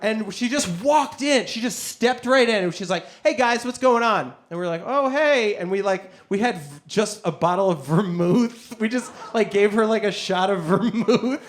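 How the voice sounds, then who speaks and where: A young man doing stand-up, telling a story on stage, animated, jumping between quoted voices and laughing through his lines. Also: high-pitched, moderate pace, hardly any pauses. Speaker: stand-up comedian. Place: comedy club stage with audience.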